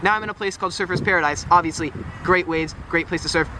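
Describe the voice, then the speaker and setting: A man's voice: high-pitched, fast. A young man from Texas chatting casually to camera as a travel vlogger, full of "like" fillers. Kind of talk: casual vlog talk to camera. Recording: outdoor noise, boats and traffic behind.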